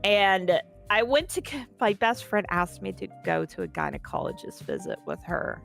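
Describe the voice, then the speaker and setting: A woman's voice: medium pitch, wildly swooping pitch, normal speed, vocal fry, a bit bright. Woman, casual storytelling, profane, candid, faint background music. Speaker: interview guest.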